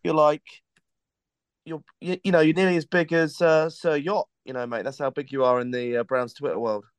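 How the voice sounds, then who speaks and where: A man's voice: on the high side, steady tone, moderate pace, smooth, no room sound. A man hosting a podcast, chatting casually and joking in a rambling, friendly way. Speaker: podcast host.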